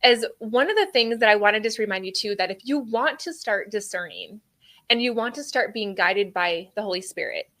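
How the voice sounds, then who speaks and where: A woman hosting a faith-based podcast, talking in an earnest, animated way with plenty of fillers. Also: medium pitch, a little fast. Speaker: podcast host.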